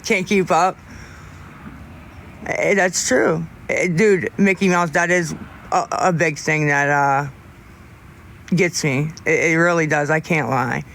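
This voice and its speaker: A man's voice: on the high side, steady tone, slow, creaky, pauses often, a bit bright. A man chatting casually with livestream viewers in a candid, rambling way, often restarting his sentences.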